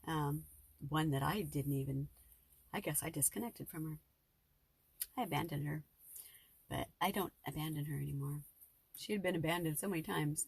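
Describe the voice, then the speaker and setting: Middle-aged woman vlogger, heartfelt and rambling, husky throat and dry close sound. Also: low-pitched, normal speed, long pauses, warm tone, dry recording. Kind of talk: emotional personal vlog monologue.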